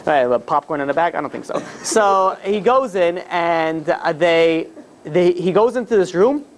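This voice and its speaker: A man, a rabbi, telling a story to a live group in a casual, animated way, with many fillers and restarts. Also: a little high, moderate pace, slight background noise. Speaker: rabbi teaching a class.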